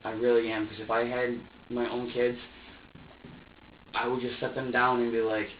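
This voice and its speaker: A man being questioned by police recounts events in an echoey interrogation room, heard from a distance through a room surveillance microphone. His mid-range voice keeps a steady tone at a moderate pace, and he rambles, repeats himself, and acts out his own words. The audio is dull, with a little hiss or hum.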